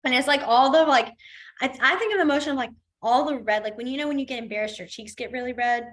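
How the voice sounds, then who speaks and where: A woman's voice: high-pitched, quick pace. A woman teaching a beginners' class in a casual, chatty way, explaining with everyday examples and laughing easily. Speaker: sign language instructor.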